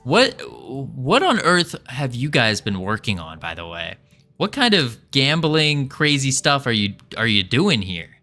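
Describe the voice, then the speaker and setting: A man's voice: medium pitch, huge pitch swings, unhurried, pushed and bright, soft background music. A man chatting casually with his stream audience as a game developer, rambling, joking and restarting his sentences. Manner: rambling, joking with chat, stumbling over restarts. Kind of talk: casual livestream chat.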